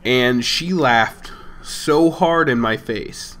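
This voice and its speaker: A man's voice: medium pitch, extremely slow, a bit bright. A young man hosting a gaming channel, telling a rambling, amused story in a casual tone and chuckling between lines. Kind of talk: casual storytelling over gameplay.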